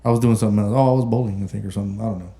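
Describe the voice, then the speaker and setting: Fast-talking podcast host. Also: male voice, on the low side, fairly even intonation, warm tone. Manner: joking, talkative, rambling. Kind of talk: casual podcast chat.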